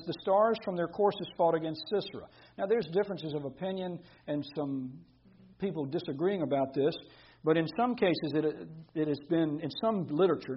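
A man's voice: fairly high pitch, breathy edge, highs cut off. A man preaching an expository sermon, reading scripture aloud and explaining it with emphatic repetition.

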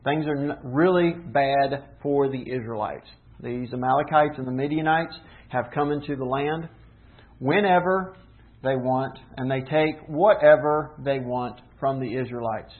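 Guy preaching, asks the room questions, slows way down on key points, tinny phone sound. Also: medium pitch. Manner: earnest teaching, rhetorical questions, emphatic slowdowns. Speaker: pastor. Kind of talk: sermon.

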